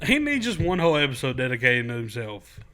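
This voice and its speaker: A man co-hosting a podcast in casual chat, excitable, laughing often and trailing off mid-sentence. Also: medium pitch, fast talker. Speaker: podcast co-host.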